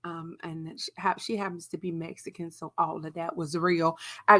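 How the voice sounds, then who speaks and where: A woman's voice: lowish voice, moderate pace. A young adult woman co-hosting a podcast, telling a story casually, swearing freely and acting out what people said. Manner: animated, profane, acts out quotes. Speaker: podcast co-host.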